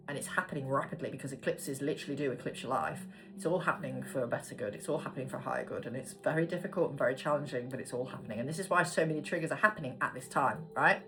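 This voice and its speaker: A woman's voice: sits low, animated, quick pace, soft background music, rough recording. A woman spiritual coach talking frankly and emphatically to camera, swearing freely. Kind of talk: casual monologue to camera.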